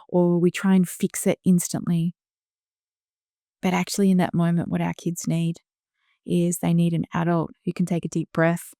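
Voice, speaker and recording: A middle-aged woman hosts a reflective solo podcast in a gentle, slow, soothing manner, now and then dropping to a soft hush. Her voice sits low and warm with a gravelly edge. The recording is dry and close. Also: no echo. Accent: Australian. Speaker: podcast host.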